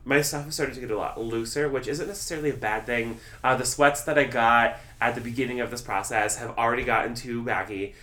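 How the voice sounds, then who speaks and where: A young man hosting a podcast, giving a casual, enthusiastic personal update with lots of ums and pauses. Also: mid-range voice, pushed and bright. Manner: chatty, enthusiastic, many ums. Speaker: podcast host.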